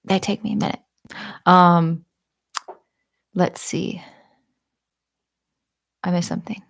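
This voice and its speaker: A young American woman in casual chat with her viewers, rambling and quick to giggle. Her voice sits fairly low and carries a gravelly fry. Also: fairly even intonation. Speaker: YouTuber.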